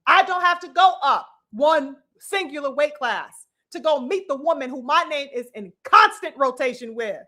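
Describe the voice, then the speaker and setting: High bright-voiced woman ranting preachily. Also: lively intonation, normal speed. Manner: preachy, mocking, addresses viewers as brothers and sisters; blunt, profane, rhetorical questions. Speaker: boxing commentary host. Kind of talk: opinionated commentary rant.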